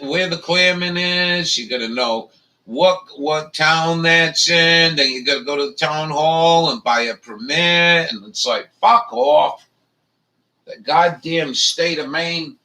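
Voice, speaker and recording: A man's voice: on the high side, bright, forceful tone, distant mic, poor audio. A man hosting a casual chat, rambling and swearing a lot, with many fillers. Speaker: livestream host.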